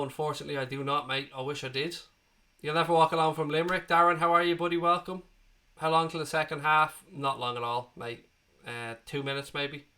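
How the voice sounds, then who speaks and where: A man's voice: fairly high pitch, sharp tone. An Irish man in his thirties hosting a live football watchalong, chatting casually and answering viewers' comments one by one. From Ireland. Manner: chatty, matey, answers chat questions one by one. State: recovering from being sick.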